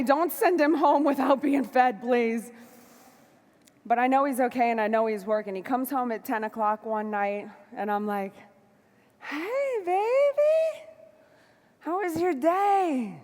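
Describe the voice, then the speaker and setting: A woman giving a motivational stage talk to a live audience, fiery and emphatic, moving between shouts and soft asides. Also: on the high side, normal speed, big-room sound. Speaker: motivational speaker. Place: large hall before a live audience.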